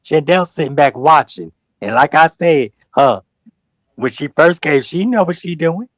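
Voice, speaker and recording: An unhurried man with a somewhat high voice is a guest on a livestream talk show, heatedly calling people out and preaching. He addresses people directly, drives points home with repeated phrases, and acts out others' words in slangy, mocking asides. His voice sounds close and dry, with no room echo.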